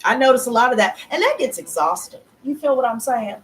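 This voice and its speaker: Animated, foul-mouthed young woman tarot reader. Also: a little high, a little fast, a little hiss or hum, rough recording. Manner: animated, blunt, profane, heavy slang. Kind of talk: casual storytelling to camera.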